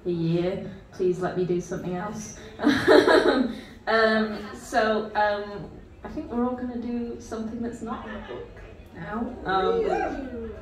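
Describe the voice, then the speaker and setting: A woman poet reads her work slowly and wryly, laughing between lines. Her voice sits on the high side. It carries from far off in a very echoey pub room. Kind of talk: poetry reading. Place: pub venue at a book launch.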